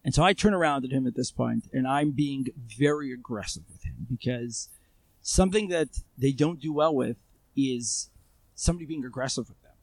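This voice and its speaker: A man's voice: mid-range voice, normal speed, creaky, darkish tone, no room sound. A man being interviewed, telling a story in a casual, conversational way with many fillers and restarts. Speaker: guest, armed civilian responder. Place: Israel.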